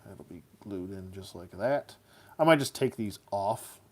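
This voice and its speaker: A man's voice: on the low side, lively intonation, measured pace. A man casually reviewing action figures as he builds them, chatty and goofy, slipping into silly rhymes.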